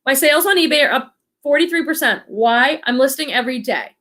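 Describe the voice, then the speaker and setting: Her high, expressive voice is bright and forceful, moving fairly quickly. She's a livestream host from the Boston area, slight accent included, who chats cheerfully with viewers and reads their comments out loud.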